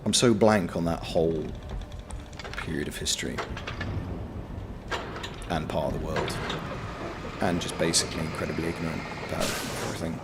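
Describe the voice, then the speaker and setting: A man giving casual, sweary live commentary on a game, yelling at enemies and chatting with viewers. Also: low voice, fairly even intonation, normal speed, long pauses, heavy background noise. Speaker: game streamer.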